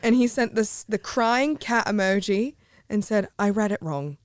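A woman's voice: mid-range voice, unhurried. A young woman, a podcast guest telling stories animatedly in casual chat. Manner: animated storytelling, swearing, laughing.

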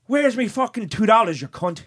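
A man's voice: sits high, sing-song, fairly quick, pitched above the performer's own voice, full character voice. A man voicing a drunk, abusive Irish bar regular in an Irish accent that he admits is bad. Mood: belligerent. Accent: Irish, put on badly. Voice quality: loud, swearing, belligerent.

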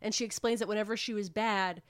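A woman casually recapping a book plot on a podcast, rambling and animated, with swearing. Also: medium pitch, fast, dry recording, studio quality. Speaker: podcast co-host retelling a book. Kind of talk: casual chat.

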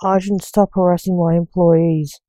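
A woman's voice: fairly low pitch, flat delivery, normal speed, mellow, no echo, natural voice. A woman voicing a stern male newspaper editor in a storybook reading, firm and authoritative.

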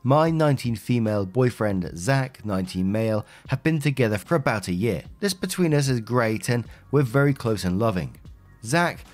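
A man's voice: medium pitch, darkish tone. A man reading an online post aloud and then chatting about it in a casual, conversational way. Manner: chatty, conversational, with fillers and asides. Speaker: host reading and commenting on online posts.

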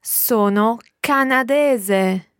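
Woman modeling phrases slowly. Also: fairly high pitch, fairly bright tone, no room sound, clean studio sound. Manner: says short phrases slowly and clearly. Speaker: model speaker for practice phrases. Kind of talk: recorded language drill.

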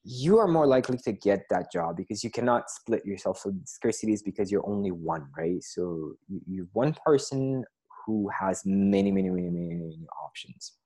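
A man's voice: lowish voice, animated, moderate pace, few pauses, mellow, slightly rough. A male host in a conversational interview, talking hesitantly and often repeating words as he thinks.

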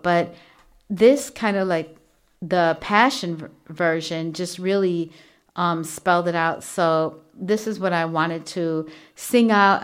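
This solo devotional podcast host has a clean, lowish voice. She talks earnestly and chattily, leaning on many fillers, from a small home studio using a studio mic and earphones.

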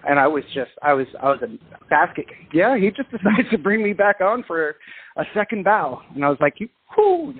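A man from England, a singer and dancer, telling a story over the phone in an animated, self-deprecating way with frequent restarts. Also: fairly high pitch, a little fast, breathy edge. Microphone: telephone. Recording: tinny phone line.

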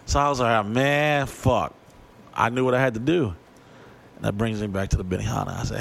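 A man's voice: mid-range voice, brisk, vocal fry. Profane storytelling man. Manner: profane, animated, acts out voices. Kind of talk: crude comedic storytelling.

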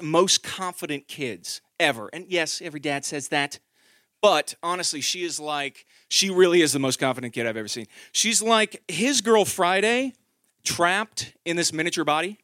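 A man in his thirties performing a stand-up comedy set, telling a story with animated delivery and acted-out quotes. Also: on the high side, dry recording, clean studio sound.

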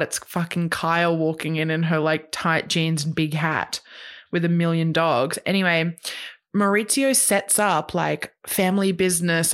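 A woman co-hosting a podcast, recapping pop culture in fast, gossipy casual chat. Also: on the low side, steady tone. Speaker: podcast co-host.

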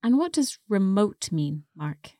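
A woman's voice: medium pitch, very animated, unhurried, mellow, dry recording, studio quality. A woman co-hosting an English lesson podcast, carefully explaining vocabulary and pronunciation. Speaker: co-host and English teacher.

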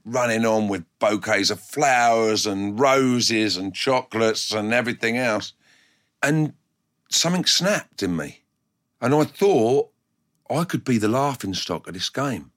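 A man, a former footballer, telling blunt, animated stories from his playing days and putting on voices when he quotes people. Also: medium pitch. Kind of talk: anecdotal storytelling in a documentary interview.

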